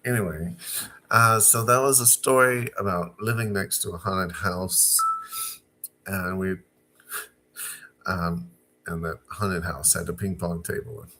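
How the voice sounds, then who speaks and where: A middle-aged man from Arkansas telling a personal story in a casual storytime monologue, unhurried and halting with fillers and restarts. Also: low-pitched, fairly even intonation, pushed and bright.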